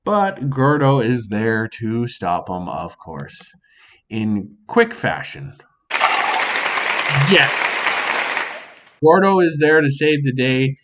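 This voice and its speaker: A man's voice: medium pitch, very animated, slow, long pauses, fairly bright tone, lo-fi sound, a little hiss or hum. A man hosting a casual solo podcast, swearing freely and speaking to an imagined audience, recorded at home. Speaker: podcast host. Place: home near a sink.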